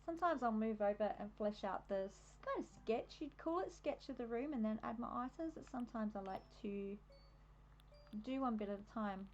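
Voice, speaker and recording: A woman's voice: on the high side, normal speed, a little mellow, dull audio, slight background noise. A young adult woman with an Australian accent, chatting casually on a live stream while decorating in a game, easily distracted and laughing often.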